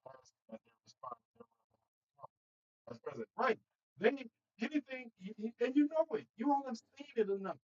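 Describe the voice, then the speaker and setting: With an extremely high pitch and a brisk pace, a man hosts a casual political livestream, speaking animatedly to viewers and laughing between points. The sound quality is lo-fi.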